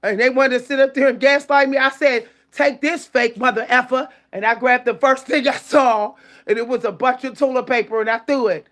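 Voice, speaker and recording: A woman's voice: high-pitched, fairly even intonation, brisk. A woman hosting her own channel, venting angrily to her viewers in a profane, emphatic rant. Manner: profane, heated, emphatic storytelling. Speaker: channel host. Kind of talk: angry venting monologue to viewers.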